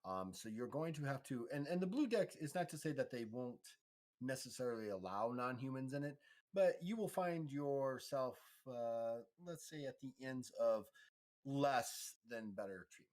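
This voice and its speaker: A man's voice: mid-range voice, animated, normal speed, darkish tone, lightly acted. A man voicing a sly, evasive male information broker who talks coyly around his answers. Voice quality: coy, evasive phrasing.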